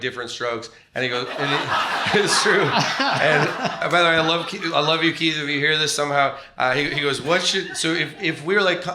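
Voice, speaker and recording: A man's voice: on the high side, reverberant, background noise. A man telling a long, rambling comedy story in casual chat, laughing often and acting out other people's lines. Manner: rambling, animated, laughing often, acts out quoted voices.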